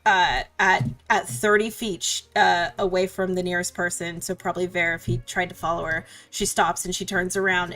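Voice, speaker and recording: A woman's voice: on the low side, fairly bright tone. Woman player narrating a tabletop scene. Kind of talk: narrating her character's scene in a tabletop game.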